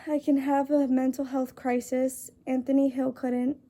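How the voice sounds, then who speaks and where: A young woman talking earnestly to camera, halting and apologetic, with many fillers and restarts as she reads a list aloud. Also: high voice, little pitch movement, dark tone. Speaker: vlogger. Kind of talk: earnest casual talk to camera.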